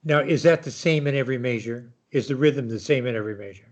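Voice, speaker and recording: A man's voice: mid-range voice, quick pace. An older man giving a patient online piano lesson, explaining rhythm and counting aloud. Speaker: piano teacher.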